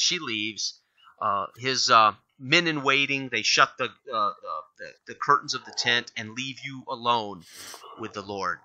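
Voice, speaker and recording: Man, game master, halting narration with fillers, tense bright voice, muffled lo-fi sound. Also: medium pitch. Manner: halting, many fillers and restarts.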